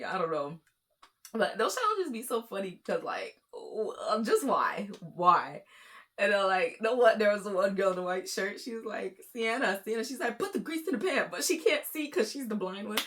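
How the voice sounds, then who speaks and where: A woman's voice: medium pitch, slight background noise. A young woman from Florida giving casual, chatty reaction commentary on short videos, with lots of fillers. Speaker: commentary YouTuber.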